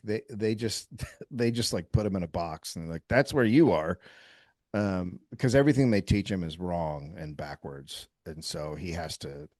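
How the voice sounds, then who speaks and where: A man who is a comedian guest, telling a story in casual podcast chat, animated and profane, acting out quotes. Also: low voice, no room sound, clean studio sound.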